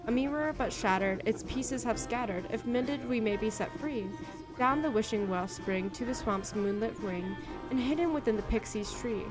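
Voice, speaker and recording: A spellbound young minstrel, far-off and wistful, reciting his lines in a lilting sing-song rhyme, as a woman voices him. Slightly high and carried over clear background music. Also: moderate pace, lightly acted. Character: dreamy young male bard under a spell.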